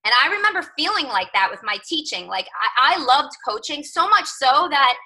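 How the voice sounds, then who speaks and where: A woman's voice: high voice, sing-song, normal speed, bright, forceful tone, low-quality recording. A woman in her thirties, a coach telling a personal story on a team call, chatty, with lots of "like" and "right?". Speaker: fitness coach.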